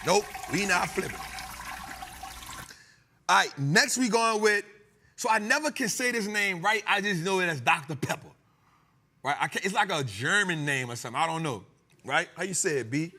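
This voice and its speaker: A man's voice: high voice, normal speed, pauses often, a little hiss or hum. A male host talking stocks in a loose, joking way, laughing and teasing his crew. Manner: animated, joking, laughing often. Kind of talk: comedic finance talk show.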